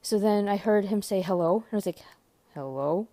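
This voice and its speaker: A woman from Maryland excitedly telling a story to camera, gushing, swearing, filling every pause with "like" and sometimes dropping to a hushed whisper. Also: medium pitch, no room sound. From Maryland, USA. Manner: gushing, swears often, heavy use of "like"; drops to hushed whispers at times.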